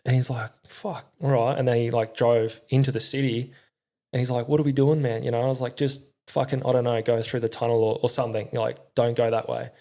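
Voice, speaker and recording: A middle-aged Australian, a former army crew commander appearing as a podcast guest, tells his story candidly and at rambling length, full of slang and swearing. His mid-range voice is mellow and brisk, with little pitch movement.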